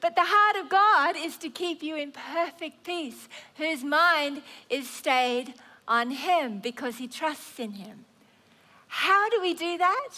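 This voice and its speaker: A woman in her fifties preaching a sermon, earnest and animated, acting out prayers and worries aloud. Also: high voice, slow pace.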